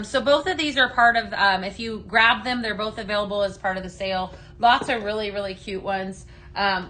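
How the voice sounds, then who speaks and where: A woman with a bright, clear voice hosts a relaxed live sales stream. She chats her way through products and viewer questions, stopping and restarting her sentences as she goes. A faint hiss of noise sits under her voice. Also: medium pitch. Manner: chatty and halting, with many fillers and restarts. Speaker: company staff host of a live sales stream. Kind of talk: casual live product demo, answering viewer comments.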